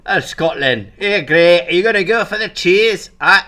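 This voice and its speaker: A man's voice: sits high, lively intonation, moderate pace, bright, forceful tone. A man co-hosting a casual chat, making wry jokes and asides while watching videos. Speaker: co-host.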